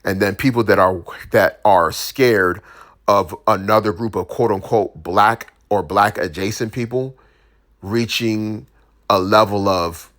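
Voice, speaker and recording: A male commentator with a fairly low, slightly bright voice shares his opinions at an unhurried pace. His monologue is casual and slangy, packed with restarts and asides aimed at the listener.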